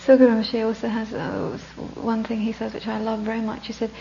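A woman gives a Buddhist talk built around a story, slipping into breathy whispers for emphasis and laughing between lines. Her voice sits a little high, with a gravelly edge. It is heard on a dull lo-fi recording with a faint hum behind it. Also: monotone, brisk, hardly any pauses, dark tone. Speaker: Buddhist teacher.

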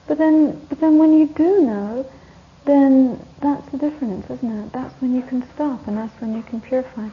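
A woman's voice: sits high, normal speed, hardly any pauses. Woman giving a rambling dharma talk. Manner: rambling, anecdotal, laughs often. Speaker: Buddhist teacher leading a course. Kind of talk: dharma talk to a retreat group. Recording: dull lo-fi recording, faint hiss.

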